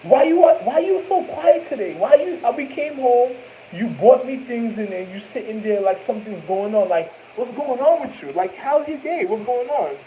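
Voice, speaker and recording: Man doing a young girlfriend, nagging, insistent, higher pitched, questioning. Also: expressive, normal speed, dark tone, a little hiss or hum, low-quality recording. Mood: pestering.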